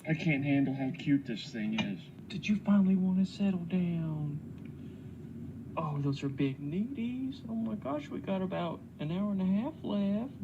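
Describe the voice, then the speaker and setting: A woman cooing at a stray kitten in a high baby-talk voice while out on her delivery route. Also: lively intonation, normal speed, muffled recording, noisy background. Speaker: delivery driver filming a found kitten. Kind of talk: casual vlog clip, cooing at a kitten. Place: outdoors by a roadside and in a delivery vehicle.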